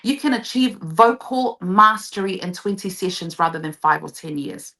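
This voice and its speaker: A woman vocal coach explains her method with eager energy in a live show interview. Her voice is bright and forward, and she slips into short sung phrases to demonstrate. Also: on the low side, lively intonation, moderate pace. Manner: enthusiastic explaining, sings short demo phrases.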